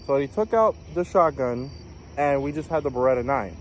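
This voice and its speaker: A man's voice: mid-range voice, animated, moderate pace, a little hiss or hum. A young man from New York, a former navy recruit, telling his story in a casual vlog with lots of fillers and restarts. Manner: rambling, many fillers and restarts.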